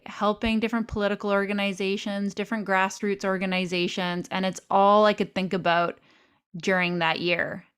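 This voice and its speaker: A woman interviewer chatting casually, a lively storyteller who acts out her own quotes in a higher voice. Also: clean tone. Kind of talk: casual conversation.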